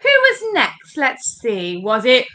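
A woman's voice: sits high, huge pitch swings, takes it slowly, bright, forceful tone. A woman leading an interactive story workshop for children, talking in a playful, encouraging, sing-song way.

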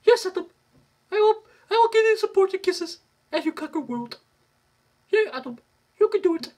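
A man's voice: very high-pitched, expressive, normal speed, a little mellow, voice pushed up. A man doing a cute eager puppy dog. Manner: simple repetitive sing-song boasting.

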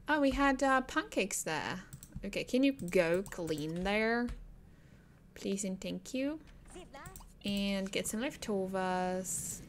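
A woman's voice: medium pitch, expressive, slow, a little hiss or hum. A woman giving casual gameplay commentary, chatting to the characters on screen and laughing often.

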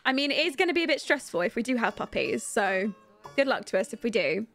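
High-voiced giggly woman streamer. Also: sing-song, fast talker, fairly bright tone, faint music behind. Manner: chatty, giggly, talks to her viewers and the game characters. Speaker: streamer playing a life-sim game. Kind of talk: casual gameplay commentary.

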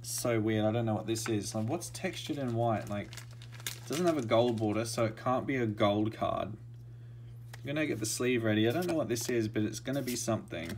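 Medium-pitched and at a moderate pace, a vlogger murmurs casually as he opens trading card packs, his running commentary erupting into shouting and laughter. A little hiss or hum is audible.

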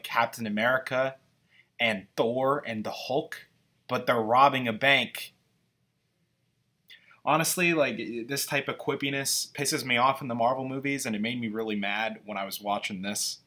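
A man's voice: mid-range voice, fairly even intonation, normal speed, sharp tone. A man giving casual, rambling, opinionated commentary while reacting to a movie trailer.

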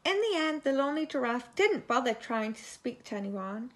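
A teacher reading a children's story aloud expressively, now and then turning to ask the children questions. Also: female voice, high voice, sing-song, moderate pace, fairly bright tone, slight background noise.

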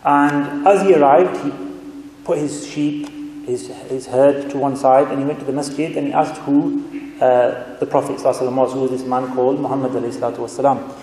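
A man giving a sermon as a guest speaker, telling stories in a chatty, animated way in a mosque hall. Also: medium pitch, fast talker. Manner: conversational, animated storytelling with asides. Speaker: guest speaker, religious scholar. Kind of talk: sermon with storytelling. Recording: echoey hall reverb.

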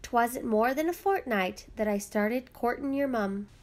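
A woman's voice: on the high side, lively intonation, unhurried. A woman voicing a father, Mick. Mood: storytelling. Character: warm old-world Irish father telling a story.

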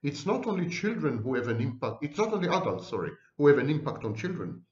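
A man gives a psychology lecture straight to camera, mixing dry humor and theatrical asides into his explanations. He slows down to stress key words with deliberate weight. The recording sounds roomy and a little dull. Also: on the high side, sing-song, a little mellow. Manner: wry, theatrical asides, slow deliberate emphasis. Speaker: psychology professor.

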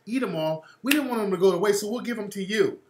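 A prissy, condescending woman in a thin falsetto, sugary and polite, as a man puts her on. The sound is roomy and echoey. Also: lively intonation, fast, background noise. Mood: sweetly condescending. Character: fussy, patronizing white woman. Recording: roomy echo.

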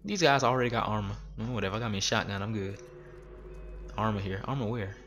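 A man's voice: on the low side, fast, a bit bright, soft background music. A man in his twenties ranting with heavy swearing while commenting on his gameplay. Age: 20s. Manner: profane, exasperated ranting. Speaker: gaming streamer.

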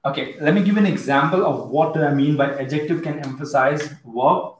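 A man's voice: a little high, a little fast. A man with an Indian English accent teaching a live online English class, chatting and reading out viewers' comments as he goes. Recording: echoey room.

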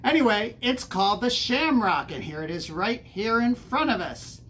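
A woman co-hosting a gardening video, explaining plant care in a steady, casual way. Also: a little high, a little hiss or hum. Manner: explanatory, steady and a bit slow. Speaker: co-host of a gardening channel.

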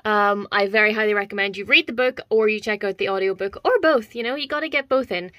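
A fast-talking young woman enthusiastically shows her collection in a casual vlog, sprinkling in ums and repeated words while slightly out of breath. Her medium-pitched voice is a bit bright. The sound is dry and clean, studio quality.

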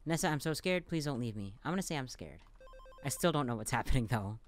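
A man playing a dialogue-heavy game, reading the lines aloud and reacting between them with quick, playful asides. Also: medium pitch, animated. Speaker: let's play gamer.

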